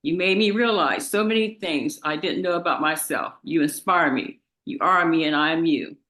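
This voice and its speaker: A young woman, the victim's daughter, reads a halting, emotional statement in a courtroom, often repeating her words. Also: low voice, fairly bright tone, echoey room, poor audio. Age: young adult. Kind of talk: reading a victim impact statement.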